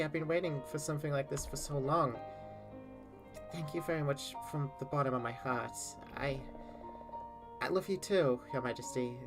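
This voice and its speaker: Woman playing a high, stammering, excitable young attendant in game dialogue; loud when flustered. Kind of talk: reading game dialogue aloud.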